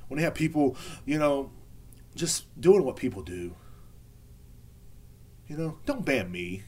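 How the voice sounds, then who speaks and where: A man's voice: mid-range voice, big pitch swings, measured pace, a little mellow, slightly rough. A man hosting his own podcast, ranting casually in a rambling, profane way full of fillers. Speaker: podcast host. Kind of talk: casual rant.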